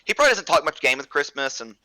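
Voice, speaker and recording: A man's voice: a little high, very animated, racing, bright, forceful tone, no echo. A young man co-hosting a podcast in casual chat, hedging with "I mean" and short agreeing replies. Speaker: podcast co-host.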